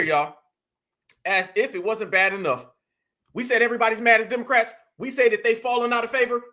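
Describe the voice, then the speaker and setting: A man hosting a commentary vlog, animated and mocking, laughing often as he talks. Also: extremely high pitch. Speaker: host.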